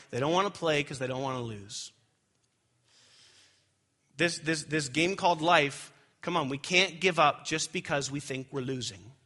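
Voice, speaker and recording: A young adult man preaching a sermon with animated storytelling that swings high when he gets excited. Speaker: pastor.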